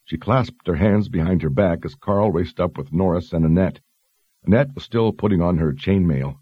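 A male narrator reading a fantasy story in a measured, even way. His voice is very deep and husky. The recording is dry and close, with a slightly dull sound. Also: dry recording. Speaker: audiobook narrator.

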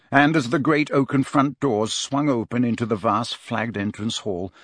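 A man's voice: medium pitch, no echo. Man reading an audiobook, dry booth sound. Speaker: audiobook narrator. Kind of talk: scripted narration.

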